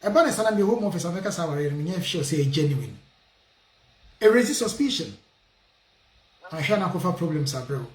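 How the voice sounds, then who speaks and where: High-voiced man hosting radio talk. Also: normal speed, long pauses, roomy sound. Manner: lively, switches between Twi and English, laughs often. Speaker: radio show host. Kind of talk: casual radio talk show in Twi and English.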